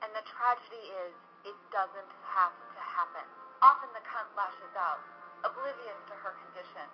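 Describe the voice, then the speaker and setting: A woman's voice: medium pitch, moderate pace, close to an everyday voice. A woman voicing a parody public-service announcement in a solemn, pleading tone. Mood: earnest. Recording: dull lo-fi recording. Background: music.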